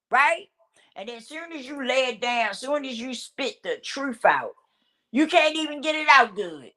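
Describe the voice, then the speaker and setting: Emphatic woman ranting, lively high voice. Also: a little slow. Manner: preachy, repetitive, emphatic, laughs often; blunt, swears casually. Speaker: vlogger. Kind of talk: talking-to-camera rant.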